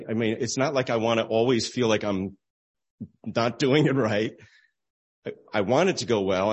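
Low-voiced man preaching conversationally. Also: dull audio. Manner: conversational, retells stories with voiced dialogue. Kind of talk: informal sermon.

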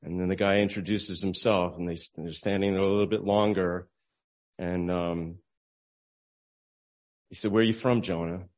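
A man's voice: sits low, flat delivery, normal speed, long pauses. A man giving an informal sermon, talking conversationally and retelling a story with voiced dialogue. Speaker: preacher.

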